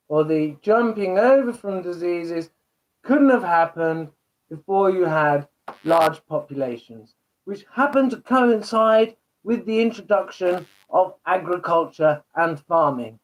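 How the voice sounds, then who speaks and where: A man's voice: high-pitched, animated, slow pace, low-quality recording. A man hosting a casual solo commentary show, talking in a rambling, musing way. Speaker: host.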